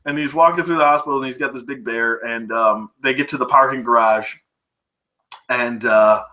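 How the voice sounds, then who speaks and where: Bright-voiced rambling movie reviewer man. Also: mid-range voice, steady tone, moderate pace. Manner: rambling, laughing, profane, full of fillers. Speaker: film reviewer. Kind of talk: casual movie recap.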